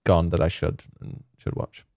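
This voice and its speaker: A man's voice: unhurried, a little mellow, no echo, clean studio sound. A man co-hosting a casual chat show, rambling with lots of fillers and frequent laughter. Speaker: podcast co-host.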